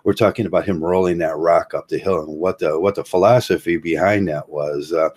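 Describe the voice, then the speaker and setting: Low-pitched, darkish and slightly rough, with fairly even intonation, the voice comes from a Midwestern-accented Ohio man hosting a livestream. His philosophical rambling is halting, thick with fillers and restarts, broken up by frequent chuckles.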